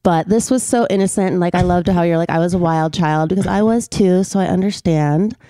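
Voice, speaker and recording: A woman hosting an interview in gentle, affectionate casual chat. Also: fairly low pitch, fairly quick, no room sound. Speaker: host.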